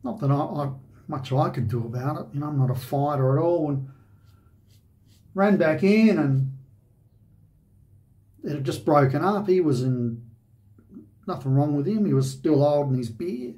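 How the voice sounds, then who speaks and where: A man's voice: fairly high pitch, a little slow, long pauses, mellow. An Australian man, host of a shaving channel, telling a personal story in a rambling, conversational way with lots of "you know".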